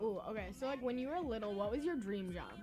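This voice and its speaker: A woman's voice: on the high side, animated, fast. Casting: young woman, college radio host, teasing and giggly, music bed underneath. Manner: playful, teasing, laughs often. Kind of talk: casual chat.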